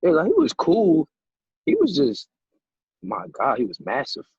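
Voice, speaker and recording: A young man co-hosting a podcast, talking in a laid-back way that often trails off low. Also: wildly swooping pitch, measured pace, creaky, a little mellow, husky, dry recording. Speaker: podcast co-host. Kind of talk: casual chat. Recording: dull lo-fi mic.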